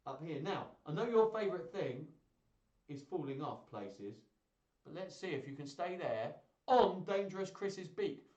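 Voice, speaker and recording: A man's voice: a little high, reverberant, dull audio. A man hosting a live-streamed children's music show. He chats playfully with toys and viewers between songs. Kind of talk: live-streamed kids' singalong chat.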